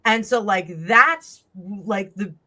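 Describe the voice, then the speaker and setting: A woman telling a long personal story in casual chat, rambling and animated, acting out the voices of the people in it. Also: mid-range voice, slow pace. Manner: rambling, animated, acts out quoted dialogue. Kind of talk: casual storytelling on a live stream.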